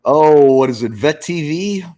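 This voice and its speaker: A man's voice: medium pitch, moderate pace, dark tone. A middle-aged man chatting casually as a co-host, giving short, easygoing answers. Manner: laid-back, brief answers. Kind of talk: casual livestream chat.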